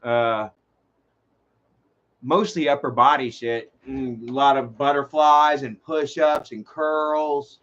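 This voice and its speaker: A man's voice: mid-range voice, takes it slowly. A man telling rambling, profane stories on a casual livestream. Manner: rambling, profane, animated storytelling. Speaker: livestream host. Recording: dull lo-fi stream audio.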